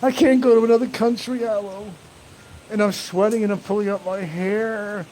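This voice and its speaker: A man's voice: high-pitched, fairly even intonation, moderate pace, darkish tone, a little hiss or hum, voice pushed up, lightly acted, poor audio. A man putting on a whining, self-pitying voice of someone stuck in prison, mocking it.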